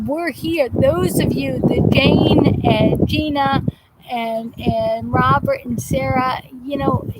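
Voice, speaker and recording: A woman hosting a live chat show, rambling casually with halting restarts and fillers while greeting viewers outdoors. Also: high-pitched. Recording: loud background noise, vehicles passing.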